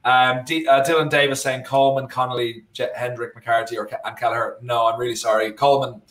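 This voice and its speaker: A man with an Irish accent co-hosting a casual football watchalong, talking in a rambling, animated way and often correcting himself. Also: medium pitch, fast talker. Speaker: co-host. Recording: roomy echo.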